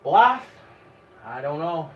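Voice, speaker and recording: A man narrating a tabletop session as game master, wry and chatty with a lively, slightly high voice. He sounds far from the mic in an echoey room, through a tinny, phone-like recording with steady noise behind. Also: slow. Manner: wry, conversational, laughs often.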